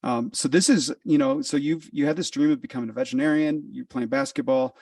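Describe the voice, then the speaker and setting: A male podcast host with a gravelly, creaky voice asks his questions in a supportive way, halting often with fillers. He sits a little back from the mic, and the recording is dry, with no room sound. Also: fairly high pitch, big pitch swings, a little mellow, no room sound, recorded from a distance. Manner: supportive, gives short verbal nods, halting with fillers. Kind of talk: interview.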